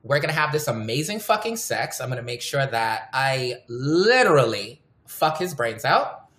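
Female podcast host, deep-toned, frank storyteller, roomy echo. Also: sing-song, normal speed, a bit bright. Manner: candid, storytelling, swears freely. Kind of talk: casual podcast chat.

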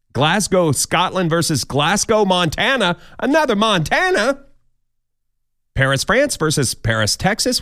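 A man's voice: fairly high pitch, a bit bright, no echo, studio quality. A man hosting a podcast countdown of odd news stories, with jokey, wry asides. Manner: jokey, wry asides, mock quoted voices. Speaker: podcast host.

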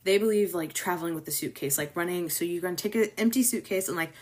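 Chatty woman with a lowish voice. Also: fast talker, darkish tone. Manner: chatty and loose, with many fillers and small laughs. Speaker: host. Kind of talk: casual chat about New Year's traditions.

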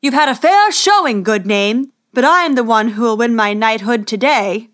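A woman voicing an arrogant young male knight who taunts his rival loudly. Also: high voice, expressive, slow pace, pitched above the performer's own voice, heavily acted. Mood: boastful. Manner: loud, taunting, boastful.

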